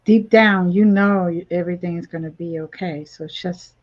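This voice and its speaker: A woman's voice: on the low side, normal speed. A woman hosting an interview show, asking questions and adding affirming murmurs. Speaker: podcast host. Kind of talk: interviewing a guest. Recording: dull, lo-fi sound.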